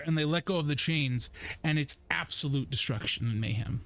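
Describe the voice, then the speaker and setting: Young man, game master, slow descriptive narration, gravelly voice, faint music behind. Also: fairly high pitch, fairly bright tone. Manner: unhurried descriptive narration with fillers. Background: faint background music.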